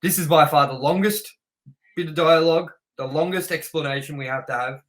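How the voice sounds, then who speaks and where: Bright, animated man reviewing films. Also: a little high, a little fast, low-quality recording. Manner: blunt, animated, reads trivia aloud. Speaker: podcast co-host. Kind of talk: casual film review chat.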